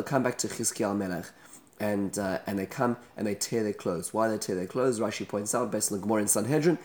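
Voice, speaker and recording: A man's voice: medium pitch, darkish tone. A man giving a daily scripture study lesson, explaining the text and asking rhetorical questions. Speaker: Bible teacher.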